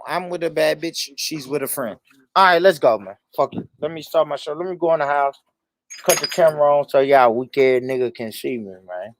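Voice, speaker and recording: A man's voice: a little high, dry recording, rough recording. A man freestyle rapping and chatting to viewers, brash and boastful, with profane street slang. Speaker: rapper and video host. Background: music.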